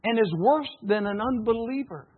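Folksy preacher, husky and high. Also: male voice, moderate pace. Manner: folksy, animated, calls for audience responses, laughs often. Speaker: pastor. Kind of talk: sermon. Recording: phone-like narrow band.

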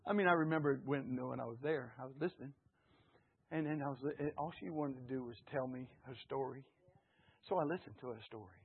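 A husky, high-voiced man preaches a sermon in church as an associate pastor. He tells stories and calls questions out to the congregation. The sound is thin and tinny, like a phone line. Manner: storytelling with call-and-response to the congregation.

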